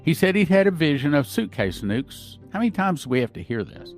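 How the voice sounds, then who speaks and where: A man's voice: a little high, sing-song, fairly quick, faint music behind. A man hosting a podcast, reading dreams and visions aloud and breaking off with his own asides. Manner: reads accounts, breaking off with asides. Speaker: podcast host. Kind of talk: reading prophecies aloud with commentary.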